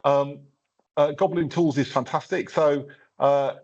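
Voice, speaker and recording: A man's voice: a little high, fairly even intonation, measured pace, darkish tone. Casual chatty man giving a tech demo. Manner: casual, chatty, with many fillers and restarts. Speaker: workshop presenter. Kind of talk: live tech demo walkthrough. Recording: slightly dull lo-fi sound.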